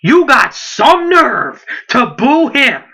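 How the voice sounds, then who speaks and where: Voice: sits high, very animated, slow pace, vocal fry, bright, forceful tone, husky. A late-teen wrestling vlogger in a heated, indignant rant, firing off rhetorical questions and repeating himself. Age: late teens.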